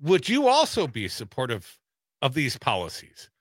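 A man's voice: medium pitch, huge pitch swings, normal speed, dry recording, studio quality. A man co-hosting a casual political talk radio show with wry, teasing banter. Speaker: radio co-host.

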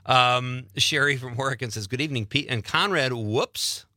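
A man's voice: mid-range voice, normal speed, no room sound, studio quality. A man with a Wisconsin accent hosting a casual radio talk show, reading listener messages and telling jokey stories. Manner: animated, jokey storytelling.

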